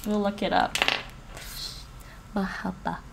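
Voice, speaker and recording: Gravelly-voiced woman streamer, sniffly and chatty. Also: mid-range voice, lively intonation, moderate pace, very noisy. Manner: chatty, repeats words after an app, laughs often. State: sniffly from the cold, coughing. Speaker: language-learning streamer. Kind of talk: casual livestream chat while practicing pronunciation.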